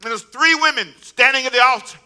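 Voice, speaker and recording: A man preaching a sermon as a pastor, telling a story with animated repetition and acted-out dialogue. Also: very high voice, brisk, clear, resonant tone.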